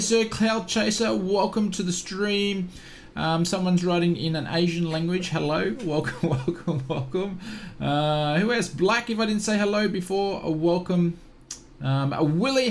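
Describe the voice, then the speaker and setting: Upbeat Australian man, high voice. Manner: upbeat, greeting chat viewers one by one. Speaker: flight sim streamer. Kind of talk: live-stream chat.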